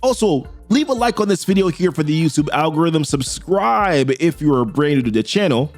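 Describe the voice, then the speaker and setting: A man hosting a casual comic book recap in an animated, chatty way, with slangy asides. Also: a little high, moderate pace, faint music behind.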